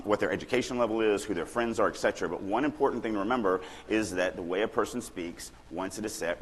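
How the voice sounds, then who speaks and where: A middle-aged man from Louisiana giving a lively, joking lecture on writing at a conference, acting out little examples as he goes. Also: fairly low pitch, a little hiss or hum. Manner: animated, joking, acts out examples. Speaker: writing workshop speaker. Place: large conference hall. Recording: long hall reverb.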